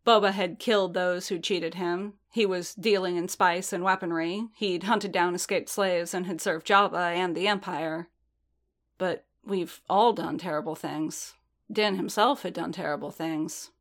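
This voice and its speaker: A woman narrating a fan fiction story in a steady storytelling manner. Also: lowish voice, unhurried.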